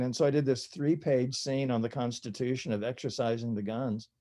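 An older man speaks as an author guest, his voice dark and mellow. He rambles through anecdotes in a relaxed way, full of small fillers and restarts. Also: mid-range voice, fairly quick. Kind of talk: conversational interview storytelling.

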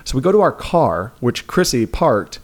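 A middle-aged man talks in a New York accent at a medium pitch. He co-hosts a podcast and tells stories in a loose, joking way, with animated asides. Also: normal speed. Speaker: podcast co-host. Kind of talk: casual chat.

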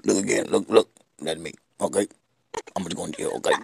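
A man with a very low, gravelly voice talks casually in a rhythmic, half-rhyming patter. The sound is dry and close, with no room around it. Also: fairly even intonation, a little fast, a little mellow, no room sound. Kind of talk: casual sing-song chat.

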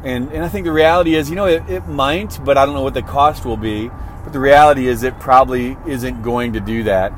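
A man's voice: medium pitch, brisk, a little hiss or hum. A man giving a motivational talk in a conversational way, often checking in with "right?" and restarting his phrases. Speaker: motivational speaker.

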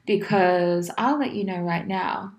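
A woman's voice: fairly low pitch, a little slow, muffled recording, background noise. A bubbly woman co-hosting a casual coaching podcast. She swears freely and strings her thoughts together with "like." Her voice rings in an echoey room. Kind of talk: casual chat.

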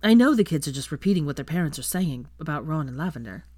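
A woman voicing a patient father who speaks firmly and measured to children. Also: low-pitched, expressive, dark tone, no echo, clean studio sound. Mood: weary. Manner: firm and measured. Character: patient firm young dad, man.

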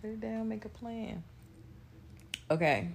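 A woman in her thirties chatting casually with her partner, slow and thoughtful, pausing to find her words. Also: mid-range voice, gravelly, slight background noise. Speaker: co-host in a couples question chat. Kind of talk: casual chat.

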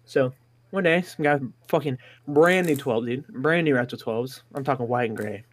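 A man in casual conversation tells crude school prank stories. He swears nearly every line and jumps up in excitement when he hits the punchlines. His voice sits at an ordinary middle pitch. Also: moderate pace. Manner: profane, rowdy, excitable anecdotes. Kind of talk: casual storytelling chat.

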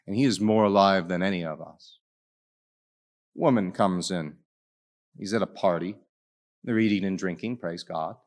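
Man, Catholic priest, preaching, lowish voice, dramatic storyteller, shifts between quiet and loud. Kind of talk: sermon.

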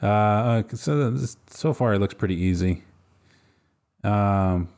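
A man hosting a podcast, rambling in relaxed, casual chat with plenty of fillers. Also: lowish voice, slow. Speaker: podcast host.

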